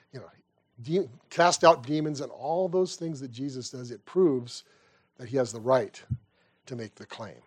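A man's voice: medium pitch, slightly rough. A man teaching a conversational Bible lesson, telling stories animatedly with rhetorical questions and casual asides.

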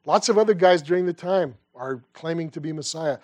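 Animated, slightly high-voiced male Bible teacher. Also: brisk. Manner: animated storytelling with rhetorical questions; casual, with restarts and asides. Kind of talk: conversational Bible lesson.

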